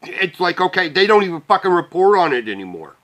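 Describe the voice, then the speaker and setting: A man's voice: sits high, very animated, brisk, fairly bright tone. A man from the Midwest, delivering a profane, heated rant to the camera with bitter laughs. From Midwest United States. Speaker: vlogger. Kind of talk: angry ranting monologue.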